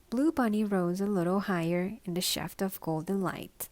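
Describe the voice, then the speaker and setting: A woman, a native Korean speaker, reading a novel aloud as a bedtime story, in a calm, careful, soft manner. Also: mid-range voice, normal speed, no echo. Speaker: storybook reader.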